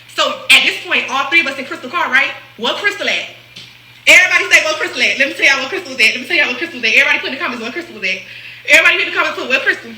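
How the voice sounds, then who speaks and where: Fast, animated woman telling a story. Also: high-pitched. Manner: animated, acts out quotes, laughs often. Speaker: storyteller on a reaction video. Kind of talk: casual storytelling. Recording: echoey room with faint hiss.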